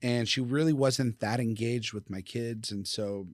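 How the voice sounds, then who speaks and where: A man's voice: medium pitch, measured pace, dry recording, clean studio sound. A middle-aged man speaking as a podcast guest, telling stories in a candid, casual way, swearing freely and acting out quoted dialogue. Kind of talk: casual storytelling.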